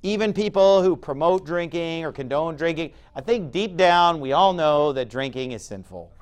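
A pastor in his forties preaching a sermon in an emphatic, conversational way, with sudden loud bursts. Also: fairly high pitch, animated, normal speed, clear, resonant tone.

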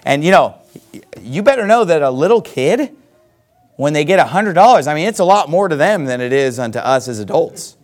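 A middle-aged man preaching a Bible sermon, reading scripture slowly and then explaining it in a folksy, emphatic way. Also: fairly high pitch, expressive.

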